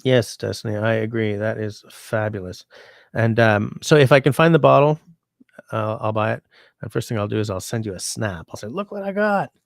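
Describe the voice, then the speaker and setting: A man with a low, gravelly voice hosts a casual livestream from home while sick. He rambles easily through viewer comments. The sound is close and dry. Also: moderate pace, dry recording. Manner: rambling, chatty, easygoing. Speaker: livestream host.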